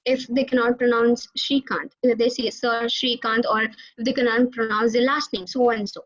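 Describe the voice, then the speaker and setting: A young woman, giving an animated alumni talk to students over a video call. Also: on the high side, moderate pace. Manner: animated storytelling, addresses audience directly. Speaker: alumni guest speaker. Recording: dull lo-fi video call audio.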